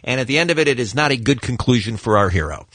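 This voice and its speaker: A man hosting a morning radio show, running through clips in quick, jokey patter. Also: medium pitch, expressive, fairly bright tone, no echo. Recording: dry studio mic.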